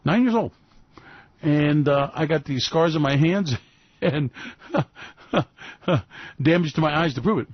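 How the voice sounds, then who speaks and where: A man's voice: on the high side, lively intonation, takes it slowly, long pauses, no echo. A man hosting a radio commentary monologue, rambling and sarcastic. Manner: rambling, sarcastic, fillers and restarts. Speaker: host. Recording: dull lo-fi dry recording.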